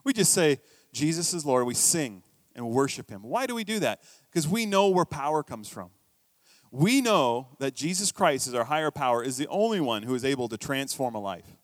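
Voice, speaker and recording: Storytelling pastor with a dry close sound. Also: male voice, medium pitch, very animated, normal speed, no room sound. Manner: conversational storytelling preacher, swings between quiet asides and emphatic bursts. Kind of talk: sermon.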